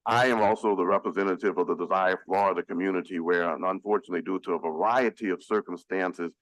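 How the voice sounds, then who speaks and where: Low-voiced new guy on the city council, earnest and emphatic, dry close mic. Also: steady tone, fast talker, fairly bright tone, no room sound, rough recording. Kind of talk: formal public speech at a council meeting. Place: council chamber.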